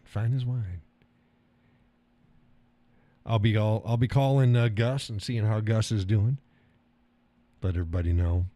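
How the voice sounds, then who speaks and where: A lowish, mellow voice belongs to a middle-aged man who takes his time and pauses often. Hosting a live stream, he loosely reads and responds to viewer comments, rambling, cursing here and there, and chuckling frequently.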